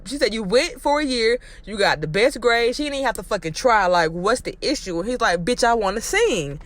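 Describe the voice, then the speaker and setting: A woman who vlogs reality show recaps delivers a casual, ranting recap, blunt and opinionated with heavy profanity. When she exclaims, her voice swings up into a high pitch.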